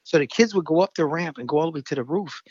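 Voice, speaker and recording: A man's voice: on the high side, animated, fast, a little mellow, slightly rough, no echo. A man in his fifties from the Bronx, co-hosting a podcast and telling stories animatedly, laughing often. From New York (Bronx). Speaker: podcast co-host. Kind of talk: casual chat, storytelling. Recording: dull, dry lo-fi sound.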